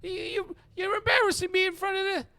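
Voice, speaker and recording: A man voicing a squirrely small-time fence, a wannabe big shot pleading in a high, panicky voice. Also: level tone, brisk, crowd noise.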